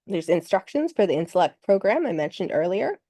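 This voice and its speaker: A woman presenting slides in a webinar, explaining in a measured way, with a slight cough that makes her clear her throat. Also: medium pitch, mellow, no echo.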